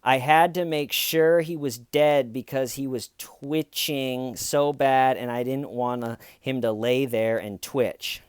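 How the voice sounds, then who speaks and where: A woman's voice: very deep voice, fairly even intonation, takes it slowly, few pauses, darkish tone, clear, resonant tone, no room sound, clean studio sound. A man voicing a young woman who rambles and trails off on an emergency call. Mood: flat.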